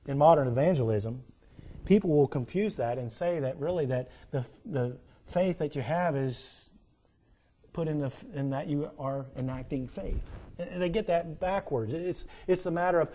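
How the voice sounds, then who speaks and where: At an ordinary pace, a male preacher delivers a sermon full of antiquated scripture quotations, his volume climbing to emphatic, loud peaks and then dropping into quiet, low sections.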